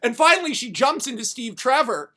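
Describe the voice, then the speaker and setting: A podcast host pitching a story idea in a comedic, rambling way, profane and animated. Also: a little fast.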